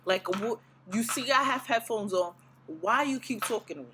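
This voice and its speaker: A woman's voice: fairly high pitch, normal speed, slight background noise, rough recording. A woman vlogger casually telling a story to camera, blunt and profane, acting out her reactions. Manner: blunt, profane, animated retelling.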